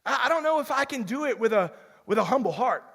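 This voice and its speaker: High-voiced pastor preaching in a church hall. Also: male voice, fast, creaky. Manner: animated preaching, repeats words as he restarts. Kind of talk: sermon. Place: church sanctuary. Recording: long reverb of a church hall.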